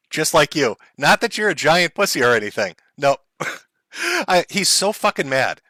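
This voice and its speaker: A man's voice: medium pitch, sing-song, normal speed, bright, forceful tone, dry recording, clean studio sound. A man hosting a live stream, commenting on clips in a mocking, profane way and laughing often. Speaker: livestream host.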